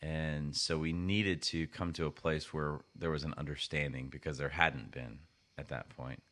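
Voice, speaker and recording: A man's voice: extremely low pitch, steady tone, normal speed, a bit bright. A man co-hosting a podcast in casual chat, rambling with frequent restarts. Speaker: podcast co-host.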